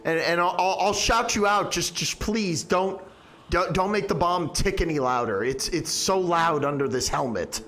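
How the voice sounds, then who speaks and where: A man's voice: high voice, normal speed, a bit bright, slight background noise. A man streaming an improvised comedy skit, nervous and stammering as he talks to his chat.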